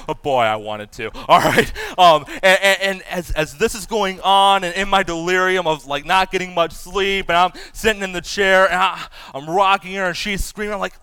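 Bright-voiced animated pastor preaching. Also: male voice, sits high, normal speed, few pauses, clean tone, dry recording. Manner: animated, self-deprecating humor, loudly acts out quotes. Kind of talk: sermon.

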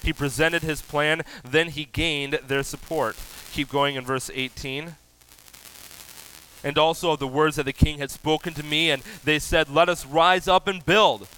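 Man, pastor, sermon, bright voice, animated preaching, faint background hiss. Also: a little high, measured pace, low-quality recording. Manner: animated preaching, rising loud for emphasis.

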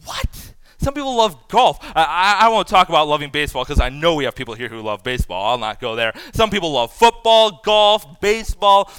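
A man in his thirties preaching a sermon to first responders, animated and acting out imagined voices. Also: on the high side, fairly quick, hardly any pauses, clear, resonant tone, no room sound. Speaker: pastor.

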